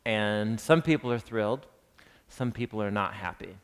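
A man's voice: fairly low pitch, moderate pace, smooth. A man teaching a live class on a gospel text, chatting casually, quizzing his listeners and reading passages aloud with drama. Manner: conversational, quizzes the audience, reads scripture dramatically. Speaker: Bible teacher. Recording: long reverb of a large hall.

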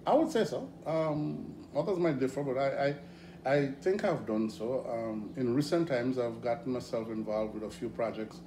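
A middle-aged man from Grenada with a Grenadian accent, guesting in a casual interview, telling stories in an animated way with frequent laughs. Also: medium pitch, normal speed. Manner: animated, hesitant with fillers, laughs often. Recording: echoey room with background noise.

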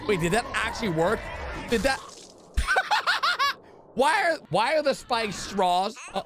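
A man's voice: high-pitched, animated, normal speed, very noisy. A man hosting a reaction video, exclaiming and gasping as he talks to viewers. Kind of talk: excitable reaction commentary.

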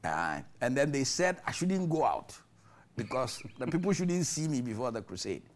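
Animated Ghanaian preacher telling a story. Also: male voice, mid-range voice, moderate pace. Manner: animated storyteller, laughs often, repeats words. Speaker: archbishop, interview guest. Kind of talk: storytelling in a TV interview, mixing English and Twi.

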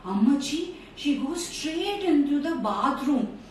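Animated storyteller woman. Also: high voice, slow. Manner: animated, talks straight to children. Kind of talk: storytelling for children. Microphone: phone on a live stream. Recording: echoey room, far from mic, faint noise.

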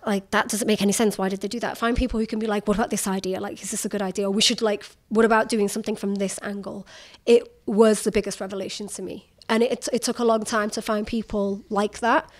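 A woman journalist in her thirties, telling candid stories in a lively way, laughing often and acting out the people she quotes. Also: medium pitch, a little fast. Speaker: journalist guest. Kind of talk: candid conversational storytelling.

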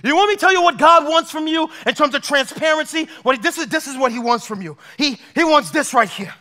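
High-voiced impassioned male preacher. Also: quick pace, sharp tone. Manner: impassioned preaching, acts out heartfelt prayers. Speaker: pastor. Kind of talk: sermon. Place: large church auditorium. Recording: long church hall reverb.

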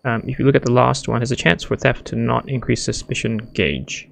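Gravelly-voiced man, excitable gamer thinking aloud, soft game music behind. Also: medium pitch, fairly quick. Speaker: gamer playing a strategy game. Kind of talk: casual let's-play commentary.

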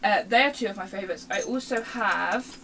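A woman's voice: mid-range voice, fairly quick, sharp tone, slight background noise, rough recording. A young woman, chatting casually to the camera at home in a rambling, self-interrupting way. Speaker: vlogger. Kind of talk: casual show-and-tell chat.

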